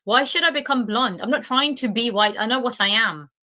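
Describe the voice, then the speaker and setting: A young British woman giving heated, scornful reaction commentary, indignant and quick to insult. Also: on the high side, bright, forceful tone. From United Kingdom.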